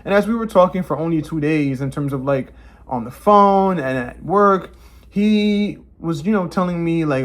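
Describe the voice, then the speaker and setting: Animated man telling a story. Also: moderate pace. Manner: animated, acts out quotes in higher voices. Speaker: vlogger. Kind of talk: casual storytime.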